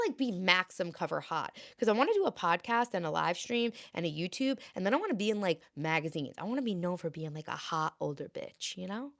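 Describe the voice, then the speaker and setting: Gravelly low-voiced woman chatting on stream. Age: 30s. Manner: chatty, rambling, reads viewer comments aloud. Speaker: livestream host. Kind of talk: casual livestream chat.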